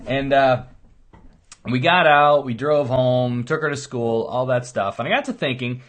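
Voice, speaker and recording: A middle-aged chiropractor gives an earnest, rambling motivational monologue in a casual, storytelling manner. His mid-range voice is a bit bright, and he speaks a little slowly.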